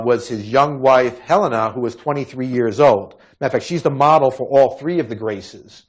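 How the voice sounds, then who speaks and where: A man giving a recorded medical lecture on hand injuries, talking conversationally with wry asides. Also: medium pitch. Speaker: physician lecturer.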